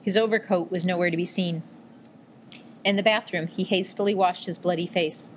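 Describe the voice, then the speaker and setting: A woman reads an audiobook in a low, measured voice. Her telling is even and steady, with a faint hiss in the background. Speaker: narrator. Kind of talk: audiobook narration.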